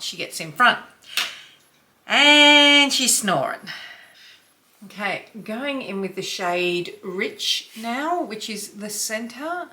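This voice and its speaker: A woman in her fifties vlogging a makeup tutorial from home. Her voice is bright and her pace is unhurried. She chats away and sometimes sinks into a soft near-whisper while applying shadow. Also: mid-range voice. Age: 50s. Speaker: beauty vlogger. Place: home, dog snoring nearby.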